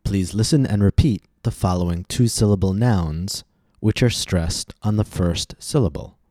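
Man, pronunciation teacher, low mellow voice, dry close sound. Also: no echo. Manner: slow, deliberate, exaggerates stressed syllables in model words. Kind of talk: scripted pronunciation lesson.

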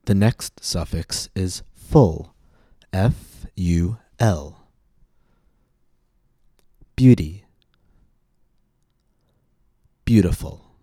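A man with an American accent hosting a pronunciation podcast, reading a scripted lesson and drawing out example words slowly and deliberately. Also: sits low, mellow, husky, no echo, studio quality. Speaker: pronunciation teacher and podcast host.

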